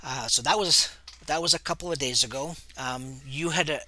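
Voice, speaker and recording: A man narrating a tabletop role-playing game as game master in a relaxed, hesitant way. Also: medium pitch, moderate pace.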